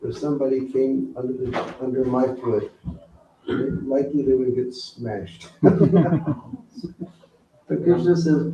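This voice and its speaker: A man gives a sermon in a slow, mellow voice, pausing between phrases as he quotes scripture. He is heard from a distance in a roomy hall. The recording sounds dull and lo-fi with a faint hiss. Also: medium pitch, fairly even intonation. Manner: slow, gentle, pausing often, quoting scripture. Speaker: guru giving a spiritual talk. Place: hall during an evening program.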